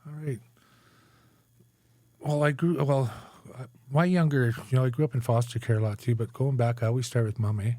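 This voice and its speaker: A man's voice: mid-range voice, fairly even intonation, normal speed, mellow, dry recording. A man in his forties from Canada, a guest telling his life story in a candid interview, tagging his sentences with "right?" and "eh?". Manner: conversational, frequent "right?" and "eh?" tags.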